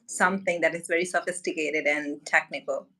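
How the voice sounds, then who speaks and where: A woman's voice: deep voice, steady tone, a little fast, bright, forceful tone. A woman from India, a guest on a livestream, chatting casually, giggling often and using many filler words.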